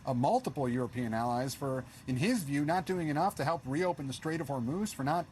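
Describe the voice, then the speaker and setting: A man reporting as a news correspondent in a steady manner, with many hesitations. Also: on the high side, brisk, a little hiss or hum.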